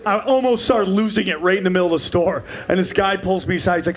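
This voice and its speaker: A man in his forties doing a stand-up comedy set, brash and profane, shouting his punchlines and acting out the people in his stories. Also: high voice, quick pace. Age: 40s. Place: comedy club stage in front of a live audience.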